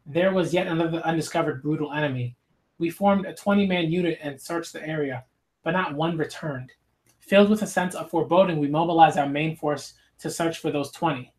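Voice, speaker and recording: A man reading aloud as a battle-hardened mountain tribe warrior, recounting past events haltingly with small slips and self-corrections. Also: a little high, natural voice, rough recording.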